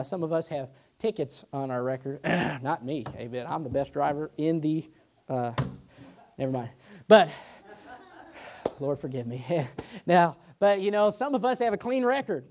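A male pastor delivers a sermon in a Midwestern American accent. He preaches in a folksy way, cracking jokes and throwing in amens, and his voice climbs high when he gets fired up, then drops low for his asides. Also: a little mellow.

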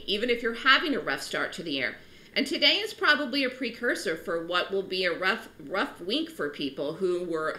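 A middle-aged woman talks straight to the viewer about trading, her voice bright and forward. Her pitch swings widely as she leans hard on key points. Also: rough recording. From New York City. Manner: animated, emphatic, rising pitch on key points. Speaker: stock trading educator. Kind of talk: direct-to-camera market talk.

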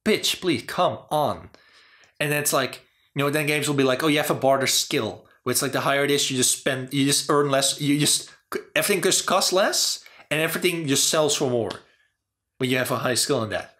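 A man's voice: a little high, brisk, bright, forceful tone. Rambling man talking casually about games. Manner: rambling, full of "you know" and "like". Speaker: channel host. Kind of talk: casual opinion talk on game design.

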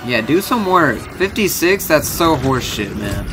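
Excitable swearing gamer man, lively voice. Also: mid-range voice, a little slow, music in the background. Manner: excitable, swears a lot, shouts and yelps at hits. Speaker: gaming YouTuber. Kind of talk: let's-play commentary.

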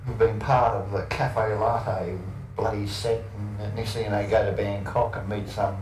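A man's voice: fairly low pitch, level tone, moderate pace. A swaggering Australian man spins crude, rambling yarns and slips into other people's voices as he goes. He sounds set back from the microphone in a roomy, echoing space. A faint hiss sits under the whole recording. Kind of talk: rambling anecdotal storytelling. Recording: roomy distant archive recording with faint noise.

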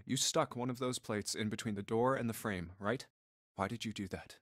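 A man's voice: lowish voice, moderate pace, a bit bright, no room sound. An actor voicing a wary man in a video game who questions things as he searches a room. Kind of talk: voiced game dialogue. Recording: dry game audio under music.

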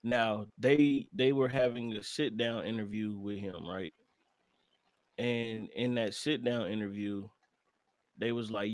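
A man co-hosting a podcast in casual chat, recapping a documentary with swearing and loud acted-out quotes. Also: lowish voice, measured pace, dry recording. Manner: animated, swears, acts out quotes loudly. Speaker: podcast co-host.

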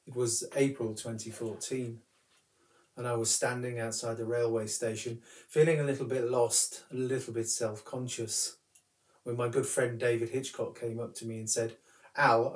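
A man who is a curate, giving a calm, reflective talk that tells a personal story. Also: medium pitch, roomy sound, far from the mic. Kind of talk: recorded sermon talk.

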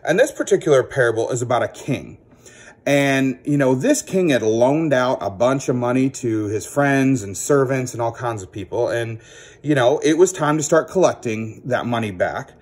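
A man teaching children a Bible story as a children's ministry teacher, animated and acting out the characters. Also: mid-range voice, normal speed, breathy edge.

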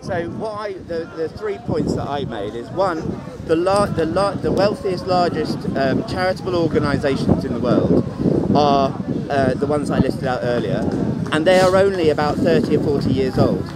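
A man's voice: on the high side, lively intonation, normal speed, very noisy. A man arguing sarcastically in an outdoor street debate, interrupting with short retorts. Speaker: debate opponent. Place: outdoor public speaking spot.

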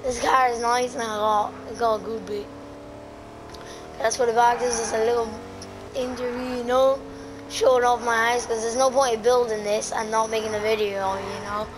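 A woman's voice: a little high, level tone, moderate pace, background noise. A woman talking casually and ramblingly over her gameplay, loose and offhand, with the odd swear word. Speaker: gaming video creator. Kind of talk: casual gaming commentary.

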